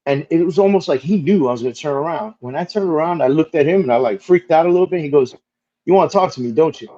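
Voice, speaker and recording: A man being interviewed as a guest, telling stories casually in a lively way, with easy swearing and lots of "like" fillers. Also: a little high, fast talker, muffled recording.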